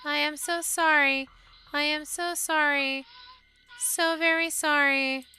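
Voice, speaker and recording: A woman's voice: faint music behind, exaggerated voice. Woman voicing a creepy haunted doll. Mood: eerie, repetitive. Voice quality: high childlike monotone. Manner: slow, mechanical repetition. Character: haunted antique doll, childlike, cold, repeating apologies.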